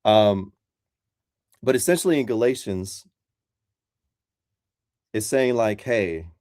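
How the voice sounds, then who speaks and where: A man's voice: medium pitch, lively intonation, slow, darkish tone, no echo, studio quality. A man calling in as a Christian, talking in a casual, rambling way full of fillers. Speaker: Christian caller. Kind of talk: casual debate chat.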